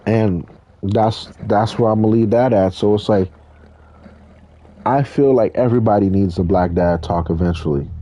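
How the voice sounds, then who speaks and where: Husky low-voiced man telling stories. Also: normal speed, mellow. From California. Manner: profane, rambling, blunt. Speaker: drift driver and streamer. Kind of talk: casual storytelling while gaming.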